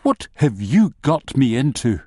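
A man voicing an anxious, edgy young man, in a higher, strained voice. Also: very animated, a little slow, warm tone, breathy edge, no room sound, studio quality. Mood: uneasy.

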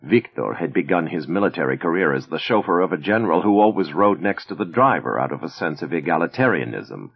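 Deep-voiced, creaky male narrator. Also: muffled recording. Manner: measured, expressive storytelling. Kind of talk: audiobook narration.

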